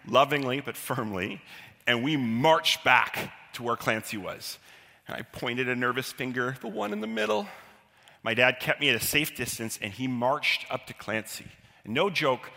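A man telling a personal childhood story live, animated and self-deprecating, acting out the quotes. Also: mid-range voice, moderate pace, gravelly. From Canada. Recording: long hall reverb.

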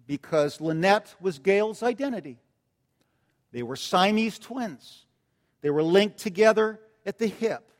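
A man with a notably high voice preaches to his church, telling a story. He pushes some phrases out loudly and drops others to a gentle hush. His words ring out in a long, echoing church reverb. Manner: storytelling, swings between loud emphasis and soft tender asides. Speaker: pastor. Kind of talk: sermon. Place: church sanctuary.

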